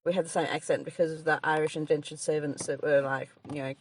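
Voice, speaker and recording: A woman's voice: deep voice, steady tone, fast, a little hiss or hum. An Australian woman co-hosting a casual podcast, rambling chattily, often laughing and breaking off mid-sentence to restart. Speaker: podcast co-host, comedian. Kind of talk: casual chat.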